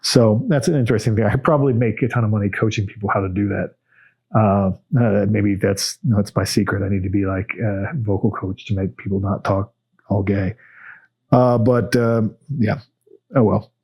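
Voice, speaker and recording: A middle-aged man hosting a casual solo Q&A podcast, talking in a blunt, unhurried way with many fillers and restarts. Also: lowish voice, fairly even intonation, vocal fry, darkish tone, slightly rough. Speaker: podcast host answering viewer questions.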